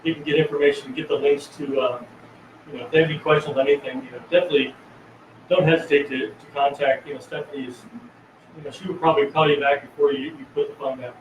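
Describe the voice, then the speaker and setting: A man talks fast in a casual live-stream chat, rambling and restarting his sentences. His voice sits a bit high for a man. He sounds distant and echoey, with a dull, muffled tone. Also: steady tone, slight background noise. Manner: rambling, many fillers and restarts. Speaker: haunted house co-owner. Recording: echoey room, far from mic, dull sound.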